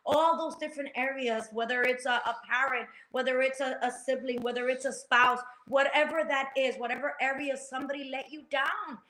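High bright woman preaching her testimony, all fired up, echoey room. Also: fairly even intonation, brisk, few pauses. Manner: passionate, preacher-like, acts out quotes. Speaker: guest sharing testimony. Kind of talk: faith-based talk show conversation.

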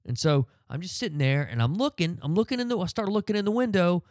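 Middle-aged male podcast host, lively swinging delivery, dry close sound, casual profane ranter. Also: sits high, quick pace, hardly any pauses, no room sound. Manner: profane, animated storytelling with frequent fillers. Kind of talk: ranting casual monologue.

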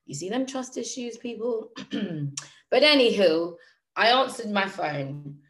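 A woman speaking to her audience, telling a personal story in a lively, emphatic, slangy way and often repeating phrases for effect. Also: medium pitch, unhurried. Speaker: motivational speaker.

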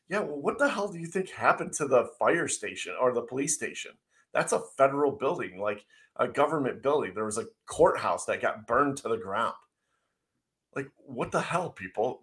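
A man's voice: mid-range voice, a bit bright. A man co-hosting a casual talk show, speaking bluntly and ranting with frequent laughs. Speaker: podcast co-host. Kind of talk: casual opinionated chat.

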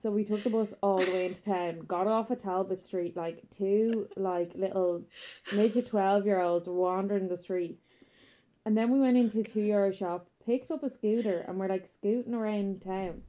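A young Irish woman in her twenties, a guest telling stories in casual chat, lively and laughing, with plenty of fillers. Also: medium pitch, normal speed. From Ireland. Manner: animated storyteller, frequent laughter and fillers. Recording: muffled, dull audio.

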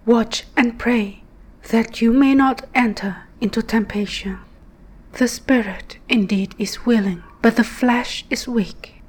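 A woman voicing a gentle, sorrowful grown man in a devotional scripture reading, speaking softly and often dropping into a whisper. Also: very high-pitched, fairly even intonation, takes it slowly, slightly rough, exaggerated voice, poor audio. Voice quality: soft, partly whispered.

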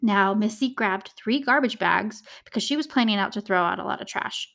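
A woman's voice: mid-range voice, brisk, gravelly, a bit bright. A young woman hosting a true crime podcast, telling the case in a chatty, casual way with emotional asides and many "like"s. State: choked up, tearing. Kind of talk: casual storytelling.

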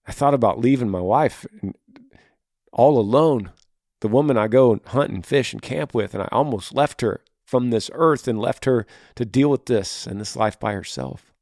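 Brief: man playing a worn-out husband, soft and confessional, dry room. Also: mid-range voice, normal speed, dry recording, close to an everyday voice. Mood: shaken. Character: scared, worn-out husband after illness.

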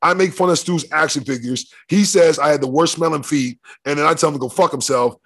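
A man's voice: on the high side, a bit bright, husky. Give me a brash, profane man from Michigan co-hosting a casual sports podcast. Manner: brash, profane, fast talker who steers the conversation. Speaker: co-host, former football player.

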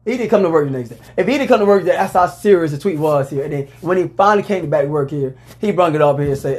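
A man hosting a casual sports talk show, talking in a loose, rambling way and letting out loud whoops. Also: fairly high pitch, expressive, fast talker, hardly any pauses.

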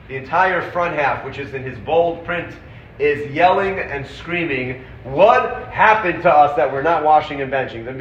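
A man teaching a Torah class, animated and quick, acting out the sources he quotes. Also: a little high. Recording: roomy, dull audio with faint background noise.

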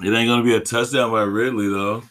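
A man's voice: mid-range voice, steady tone, fast talker, fairly bright tone. A man recording himself watching a football game, venting with frequent swearing and laughter. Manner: profane, exasperated, laughs often. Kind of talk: casual live-watching banter.

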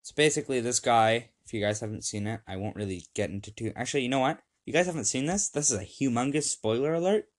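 A man's voice: mid-range voice, quick pace, few pauses. A young man hosting a casual home podcast, upbeat and rambling, with many fillers, reading lists off a screen. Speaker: podcast host.

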